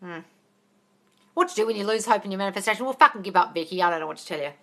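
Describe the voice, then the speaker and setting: A woman's voice: mid-range voice, expressive, very fast, a bit bright. A woman hosting a casual live question-and-answer session as a manifesting coach, blunt and profane, calling listeners darling. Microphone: phone.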